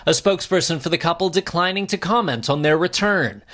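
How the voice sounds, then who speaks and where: A man reading a scripted news report voice-over in a measured, formal delivery. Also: on the high side, animated, a bit bright, slight background noise. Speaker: news correspondent.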